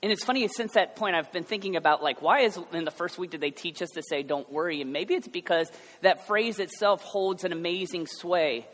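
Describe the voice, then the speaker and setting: A man's voice: high voice, brisk, few pauses, fairly bright tone. Joking, emphatic American man preaching in a hall. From United States. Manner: conversational, joking asides, rising to emphatic passion. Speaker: pastor. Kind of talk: sermon. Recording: long hall reverb.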